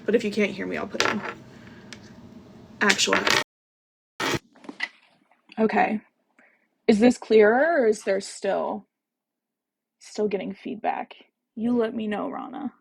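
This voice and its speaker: A young woman chats bubbly and fast-moving on a casual live stream, her voice sitting mid-range with a gravelly fry. She jokes about herself and talks into a phone with an earbud mic. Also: medium pitch. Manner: bubbly, chatty, self-deprecating. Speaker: podcast host reading live. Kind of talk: casual livestream chat.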